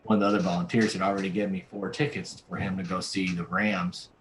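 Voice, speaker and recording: Brief: male pastor as guest, very low voice, earnest storyteller, keeps restarting lines. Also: little pitch movement, quick pace, a little hiss or hum, rough recording. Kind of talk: storytelling in a conversational interview.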